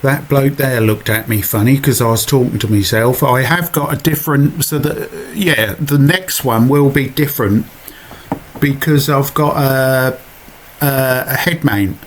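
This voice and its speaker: A man with a Suffolk accent rambles through his own video in an unhurried, conversational voiceover. He pokes fun at himself and drifts into asides, at a middling pitch, with a faint hiss underneath. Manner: chatty, self-mocking, rambling asides. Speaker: vlogger. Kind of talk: casual narrated voiceover.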